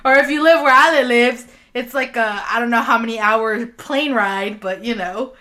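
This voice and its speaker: A woman's voice: fairly high pitch, normal speed, bright, forceful tone. A woman co-hosting a casual podcast, chatty and giggly, often laughing and drifting off on tangents. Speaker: podcast co-host. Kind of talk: casual chat.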